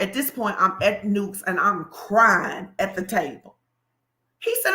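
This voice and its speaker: Bright, animated woman preaching in an echoey room. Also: on the high side, slow pace. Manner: animated, colloquial, addresses the crowd directly. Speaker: pastor. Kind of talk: sermon-style motivational talk.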